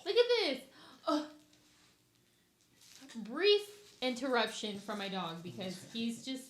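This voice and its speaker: A woman's voice: fairly high pitch, takes it slowly. A young woman hosting a casual podcast, talking bluntly and with energy about her wedding plans. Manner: blunt, animated, ranting. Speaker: podcast host, bride-to-be. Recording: echoey room.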